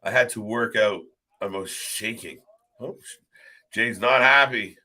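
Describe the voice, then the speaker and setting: A man co-hosting a wrestling live stream in casual chat, rambling and excitable. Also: on the low side, unhurried.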